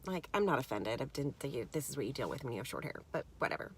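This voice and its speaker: Low gravelly woman telling a story. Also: quick pace. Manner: animated, mimics others in quotes. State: gravelly from little sleep. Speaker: vlogger. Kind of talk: casual storytelling to camera.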